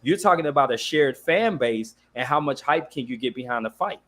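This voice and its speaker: A man's voice: medium pitch, a little fast. Man hosting a casual sports stream. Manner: relaxed, conversational, reads viewer comments aloud. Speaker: podcast host. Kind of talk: casual live-stream boxing talk.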